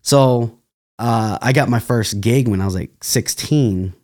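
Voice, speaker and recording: A man's voice: mid-range voice, measured pace, darkish tone. A young man from California, a dancer, telling stories loosely in a casual interview, laughing and restarting often. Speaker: podcast guest, dancer.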